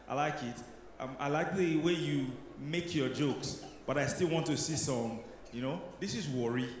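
A man judging a talent show, giving measured, encouraging feedback. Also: a little high. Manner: measured, encouraging, with frequent "you know". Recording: very echoey hall with long reverb.

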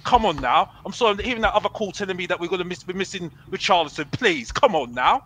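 A man argues hard on a football fan show, brash and boastful, circling back to the same points. His voice sits high and sounds bright and forceful. The sound is dry and close. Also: lively intonation, fast, hardly any pauses, dry recording, low-quality recording. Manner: brash, boastful, repeats himself, calls himself Mister Box Office. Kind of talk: heated fan debate.

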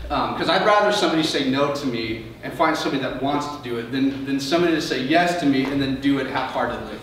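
A man's voice: mid-range voice, fast, a bit bright, slight background noise. A male pastor preaching an earnest sermon, often repeating words as he restarts a phrase. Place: church sanctuary. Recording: echoey church sound from far off.

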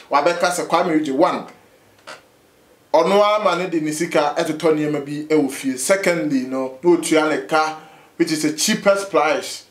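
A Ghanaian man presents entertainment news in a lively way, mixing languages as he talks. His voice sits a little high for a man, and the recording has a roomy echo. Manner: lively, switches between languages. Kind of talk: news commentary.

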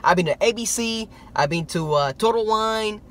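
A man vlogging casually, telling a story in an excitable, animated way, with some stammering. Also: high voice, normal speed, slight background noise. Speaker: toy-hunting vlogger.

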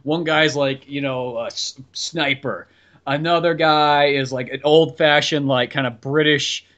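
A man's voice: on the high side, measured pace, dull audio. A man co-hosting a podcast, chatting casually about films in a rambling, good-humored way. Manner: lively, rambling, chuckling asides. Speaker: podcast co-host. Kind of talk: casual movie chat.

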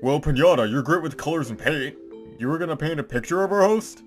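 A woman voicing a quick low-voiced cartoon guy. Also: expressive, faint music behind. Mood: suggesting.

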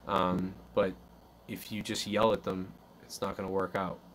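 A man's voice: low-pitched, little pitch movement, a little slow, fairly bright tone, slight background noise. A man hosting a live call-in stream, chatting casually in a loose, rambling way and acting out little quotes. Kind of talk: casual chat.

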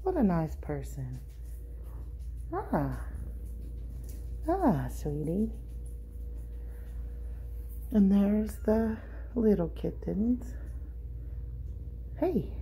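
A middle-aged woman, vlogging casually and cooing at cats in a high sing-song voice while talking through a face mask indoors. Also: very animated, very slow, pauses often, mellow, slight background noise. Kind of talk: casual vlog chat. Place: indoor cat shelter room. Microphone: handheld camera, talking through a face mask.

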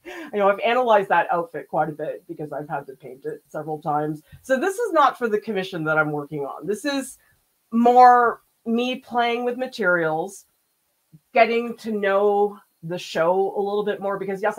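A woman's voice: mid-range voice, expressive, normal speed, rough recording. A woman art teacher chatting casually as she paints during a live demo, laughing often and reading out viewer comments. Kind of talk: casual livestream chat while painting.

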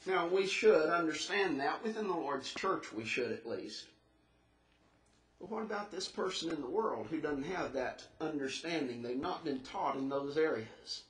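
High-voiced man preaching in an echoey church. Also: animated, fairly bright tone, recorded from a distance. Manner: earnest, rising emphatic questions, slows to stress scripture. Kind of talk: sermon. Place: church sanctuary. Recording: echoey church recorded from afar.

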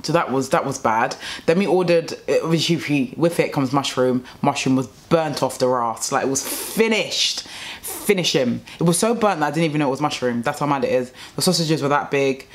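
A young woman from England, with a bass voice and fairly quick delivery, speaks as a vlogger. In her casual vlog she tells a rambling, exasperated story about a bad restaurant meal.

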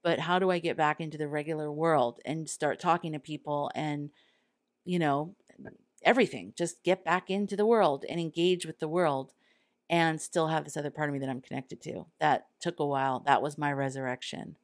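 A woman's voice: deep voice, moderate pace, dry recording, clean studio sound. A woman hosting her own podcast, talking earnestly and candidly, sometimes acting out quoted thoughts. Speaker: podcast host. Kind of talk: solo podcast monologue.

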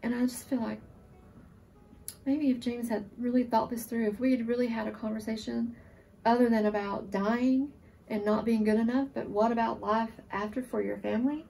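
A woman in her forties, a surviving military spouse, giving an emotional, earnest testimonial, sometimes halting. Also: a little high, steady tone, creaky, dark tone, distant mic, a little hiss or hum. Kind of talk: testimonial interview.

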